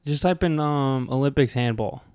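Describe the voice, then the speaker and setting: A man's voice: medium pitch, normal speed, a little mellow, clear, resonant tone, no echo, studio quality. A man co-hosting a podcast, chatting casually in a laid-back, joking way and swearing often. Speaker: podcast co-host. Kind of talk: casual chat.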